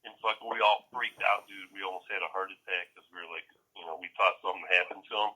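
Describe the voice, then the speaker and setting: A man's voice: low-pitched, little pitch movement, fast, bright, forceful tone, poor audio. A man on a podcast telling a rambling, profane story in a casual way, laughing often. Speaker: podcast co-host.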